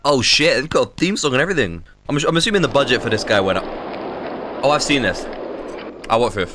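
A man streaming a game live, reacting loudly and excitably with lots of swearing. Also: medium pitch, fast, over music. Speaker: gaming streamer. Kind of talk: casual live-stream gameplay commentary.

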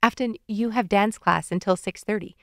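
A woman voicing a brisk, organized mother in an audiobook. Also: medium pitch, a bit bright, no echo, clean studio sound, lightly acted. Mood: matter-of-fact. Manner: firm, matter-of-fact.

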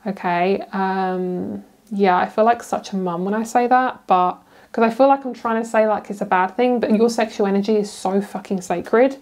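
Young British woman, chatty tarot reader, casual and giggly, mid-pitched. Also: fairly even intonation, normal speed, a little mellow. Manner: chatty, giggly, rambling with fillers. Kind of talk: casual pick-a-card tarot reading.

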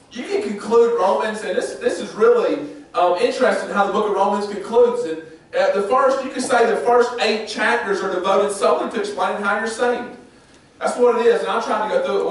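A male pastor preaching a sermon, swinging between loud emphatic passages and chatty, joking asides to his congregation. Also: sits high, normal speed, far from the mic. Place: church sanctuary. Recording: echoey church recorded from afar.

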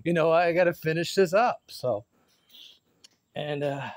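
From his bedroom, a man vlogs in a loose, wandering chat, silly and playful, now and then erupting into loud shout-outs. His voice sits a little high and moves a little slowly.

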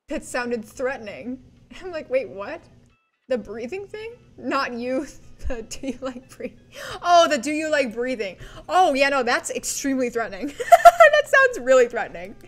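A woman's voice: high-pitched, very animated, moderate pace, a bit bright, soft background music. A woman streaming a game, chatting casually with her viewers in a bubbly, giggly way. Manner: bubbly, giggly, talks to chat. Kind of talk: casual gameplay livestream chat.

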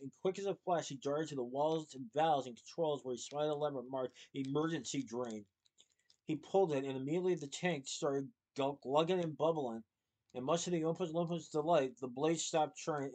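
A man reads a children's novel aloud in a steady, expressive narrating voice. His pitch sits a little above the usual for a man. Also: low-quality recording. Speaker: storybook reader.

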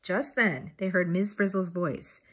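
An older woman reading a children's storybook aloud in a steady storytelling manner. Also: fairly low pitch, a little slow, breathy edge. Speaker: storybook reader. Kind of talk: children's book read-aloud.

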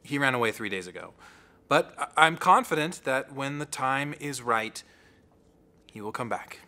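A man's voice: mid-range voice, animated, moderate pace, pushed and bright. An actor playing an earnest, hopeful man sharing in a support group.

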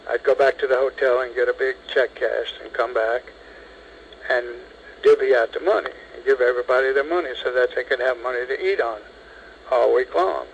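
Man, 70s, phone interview; lively storyteller who acts out the quotes, mid-range voice. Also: mid-range voice, fairly quick, vocal fry, a little hiss or hum, rough recording. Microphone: telephone.

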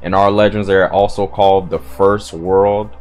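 A man reading the lines of a proud, menacing male giant from a comic, slowly and evenly. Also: deep voice, faint music behind, close to an everyday voice. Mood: ominous. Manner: slow, even reading of manga dialogue.

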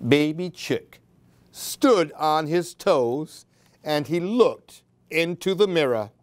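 A woman reading picture books aloud to children in a slow, expressive, sing-song way. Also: low-pitched. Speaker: storyteller.

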